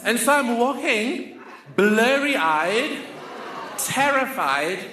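A man's voice: very high voice, sing-song, very slow, sharp tone. A man telling a funny, vivid personal story in a talk. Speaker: speaker. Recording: roomy echoing hall.

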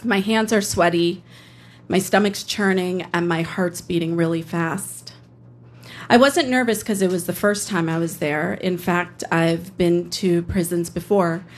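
A woman, a public defender, telling a personal story on stage in plain, steady narration. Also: on the low side, a little slow.

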